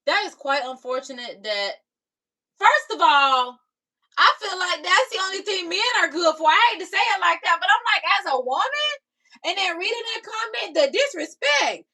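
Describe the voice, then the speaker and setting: A woman's voice: high voice, lively intonation, normal speed, bright, forceful tone. A young woman, reacting to viewer comments on her live stream in sassy casual chat. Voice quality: raspy. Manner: sassy, talks back to commenters.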